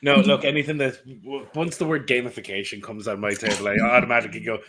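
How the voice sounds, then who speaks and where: A man's voice: mid-range voice, steady tone, fast, crowd noise. A man hosting a podcast in a playful, joking and loose way. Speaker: podcast host.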